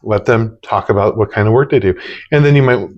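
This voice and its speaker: A man's voice: on the low side, fairly quick, muffled recording. A man who runs a business, talking casually and conversationally about sales techniques and now and then acting out cheerful phone greetings. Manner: relaxed, conversational, demonstrates upbeat phone greetings. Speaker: business owner teaching sales. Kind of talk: casual instructional talk.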